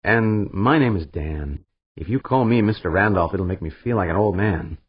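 A man voicing an easygoing, friendly businessman in an audiobook, in a relaxed, plain manner. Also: low voice, moderate pace, husky, no room sound, highs cut off. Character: easygoing middle-aged businessman.

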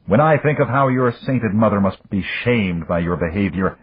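A cold, powerful father speaks sternly and commandingly, as a male audiobook narrator plays him. The voice is very husky with lively pitch. It sounds dry and tinny, like a phone line. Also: normal speed. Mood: scolding. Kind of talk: audiobook character voice.

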